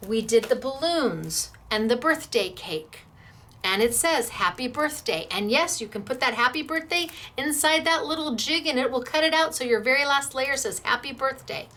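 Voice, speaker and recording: A woman's voice: high voice, a bit bright. A middle-aged woman hosting a crafting tutorial, bubbly and encouraging as she gushes over her projects. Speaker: crafting show host.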